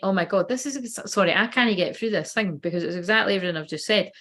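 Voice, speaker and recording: A woman's voice: medium pitch, fast, fairly bright tone. A woman in her late thirties giving a casual live-stream card reading, rambling, swearing freely and breaking off mid-sentence. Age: late 30s. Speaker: oracle card reader.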